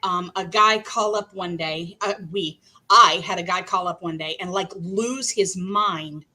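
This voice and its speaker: A woman's voice: medium pitch, pushed and bright. A woman guest in a casual chat, telling stories frankly and with drama.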